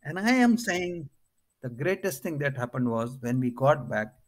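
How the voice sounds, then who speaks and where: An older Indian-accented man, a retired air force officer, appears as an interview guest sharing anecdotes. His voice sits in the mid-range at a normal speed, and he tells his stories with animation, acting out other people's lines.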